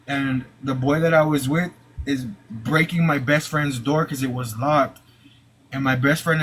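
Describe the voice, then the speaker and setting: A young man telling a personal story live, halting, with many "like"s and repeated restarts. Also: a little high, a bit bright, slight background noise, poor audio.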